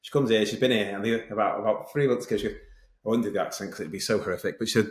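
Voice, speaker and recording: A middle-aged man telling his story as a podcast guest, fast and lively, acting out other people's lines as he goes. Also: fairly low pitch, echoey room. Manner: fast, animated, tells stories with quoted voices. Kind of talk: casual interview storytelling.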